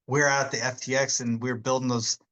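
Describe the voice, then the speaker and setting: A man's voice: mid-range voice, flat delivery, fairly quick, bright, forceful tone, low-quality recording. A man in his forties, an army veteran telling rambling stories in a casual interview, laughing often between many fillers. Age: 40s.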